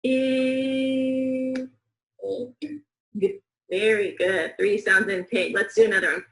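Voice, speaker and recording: A woman teaching young students a phonics lesson, slow, clear and encouraging, with call-and-response counting. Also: mid-range voice, fairly even intonation, a bit bright, reverberant, poor audio.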